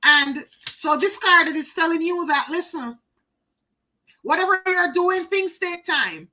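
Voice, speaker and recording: A woman's voice: extremely high pitch, measured pace, bright, forceful tone, poor audio. A woman doing a live oracle card reading, chatty, talking to viewers by name and repeating phrases for emphasis.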